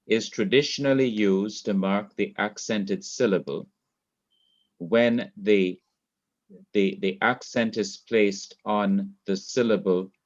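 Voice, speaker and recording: A man teaching a Hebrew grammar class, explaining slowly and repeating key points. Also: fairly low pitch, dull audio. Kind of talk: online classroom lecture. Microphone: laptop mic.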